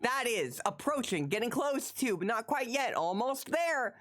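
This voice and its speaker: A woman in her thirties hosts a live stream and chats casually with her viewers. Her pitch sits mid-range but moves a lot, leaping high when she's delighted and sinking low and quiet for throwaway remarks. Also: moderate pace, few pauses. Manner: excitable, swings from squealing to low mumbles.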